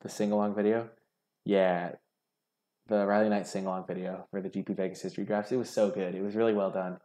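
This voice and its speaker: A man's voice: low-pitched, level tone, fast, mellow. A young man giving casual, chatty commentary over a card game, thinking aloud and criticizing his own plays. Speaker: gaming streamer.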